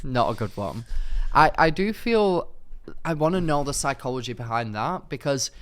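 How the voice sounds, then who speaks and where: A young man co-hosting a podcast, telling a story in casual chat and acting out quotes with sudden high bursts. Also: very animated, moderate pace, a bit bright. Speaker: podcast co-host.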